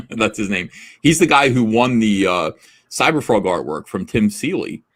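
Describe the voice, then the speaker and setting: A man's voice: lowish voice, lively intonation, measured pace, a bit bright. A man hosting a livestream over a remote call, telling rambling anecdotes in blunt, profane casual chat. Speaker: livestream host.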